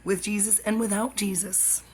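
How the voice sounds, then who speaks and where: A woman's voice: medium pitch, fairly even intonation, moderate pace, darkish tone, breathy edge, low-quality recording. A woman YouTuber talking in a rambling, stream-of-consciousness monologue, jumping between topics and dropping into whispered asides.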